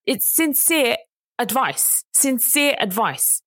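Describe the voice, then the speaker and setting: A woman's voice: fairly high pitch, sing-song, slow pace, fairly bright tone, no echo. A woman, co-hosting a casual chat and telling a story in an earnest way that rises to indignant emphasis. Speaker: podcast co-host.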